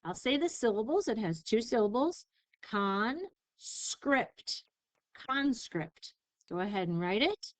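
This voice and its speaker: A woman teacher giving a recorded spelling lesson, sounding out syllables slowly and carefully. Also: on the high side, very animated, dry recording, low-quality recording. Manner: slow, careful enunciation of syllables.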